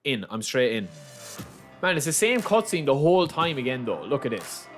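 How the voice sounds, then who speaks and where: A young Irish man giving chatty, excitable live commentary as he plays a game on stream, calling out to his viewers. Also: mid-range voice, moderate pace, soft background music. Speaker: gaming livestreamer. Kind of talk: casual live commentary over gameplay.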